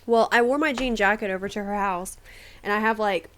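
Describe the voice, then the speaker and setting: A young American woman co-hosting a casual podcast, telling stories in an animated, teasing way and laughing often. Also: medium pitch, fairly quick. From United States. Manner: animated, teasing storyteller who laughs a lot. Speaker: podcast co-host.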